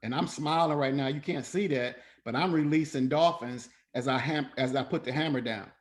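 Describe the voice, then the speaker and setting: A man leading a parenting class over an online call, talking informally, animated and profane, and slipping into other voices for quotes. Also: medium pitch, moderate pace. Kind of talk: informal coaching talk.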